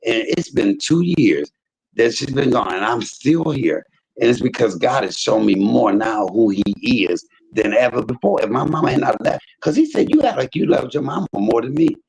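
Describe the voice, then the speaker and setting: A man hosting a livestream, telling stories in casual chat with an animated manner that leaps up in pitch when he quotes people. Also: normal speed, creaky, breathy edge, poor audio. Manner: animated storyteller, jumps high in pitch for quoted voices. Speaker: livestream host.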